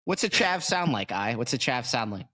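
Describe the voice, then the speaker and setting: A man at mid pitch hosting a casual podcast, talking loosely and swearing freely. He jokes around with his co-hosts in easy, unscripted banter. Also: very animated, moderate pace, bright, forceful tone. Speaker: podcast host.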